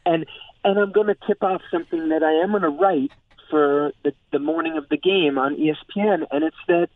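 A man reporting on football as a phone-in guest, talking in an animated, excited way with lots of "like". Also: on the high side, fairly quick. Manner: animated, filler-heavy, excited. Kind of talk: phone-in sports analysis. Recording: tinny phone line.

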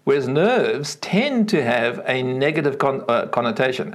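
A middle-aged Australian man speaking as a guest on an interview show. He tells stories with a very lively, swooping melody and a gravelly rasp, and he often repeats a word as he finds his way into a sentence. His pitch sits in the middle of the usual range for a man. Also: unhurried. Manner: acts out quoted voices with big pitch swings, repeats words. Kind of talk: animated storytelling in an interview.

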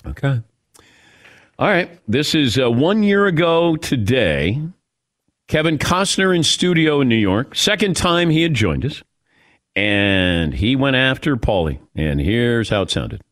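A man's voice: medium pitch, big pitch swings, unhurried, fairly bright tone. A man hosting a sports talk radio show, laughing often and arguing back and forth with his co-hosts.

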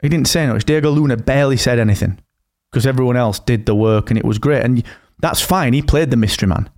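Relaxed man, rambling chat. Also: mid-range voice, quick pace. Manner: relaxed and rambling, with blunt slang. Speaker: podcast co-host. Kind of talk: casual chat.

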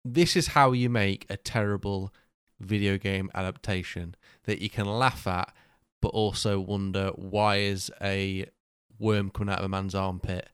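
A man talks playfully on a podcast, piling up rhetorical questions. His voice is low and resonant. The sound is dry and close. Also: steady tone, unhurried, hardly any pauses, fairly bright tone, clean tone, no room sound. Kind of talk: casual podcast chat.

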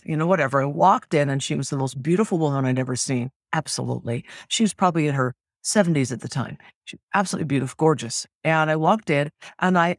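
Middle-aged singer as interview guest; rambling and lively, mid-range voice, dry close recording. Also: mid-range voice, no echo. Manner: rambling and animated, with frequent restarts. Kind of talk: candid conversational storytelling.

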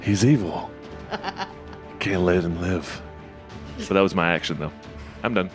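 Brief: male tabletop player, lowish voice, rapid banter, music clearly under him. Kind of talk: casual tabletop play.

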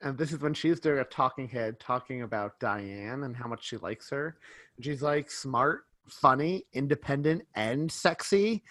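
A man's voice: medium pitch, normal speed, fairly bright tone, no echo. A man co-hosting a podcast in casual chat, eager and laughing as he recounts scenes. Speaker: podcast co-host.

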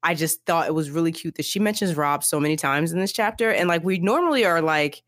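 A low-voiced woman co-hosting a book podcast. She talks in a casual, emphatic way and repeats her points when she gets going. The mic sound is close and dry. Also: quick pace, no echo. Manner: animated, emphatic, repeats herself. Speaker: podcast co-host.

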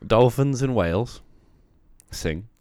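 A man's voice: mid-range voice, animated, slow, a little mellow, dry recording. A man co-hosting a casual podcast chat, trading wry, offhand jokes.

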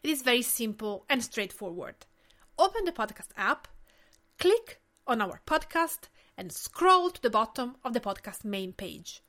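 A woman's voice: a little high, very animated, measured pace, sharp tone. Italian-accented woman hosting a podcast. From Tuscany, Italy. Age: 30s. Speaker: podcast host. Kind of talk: scripted podcast monologue.

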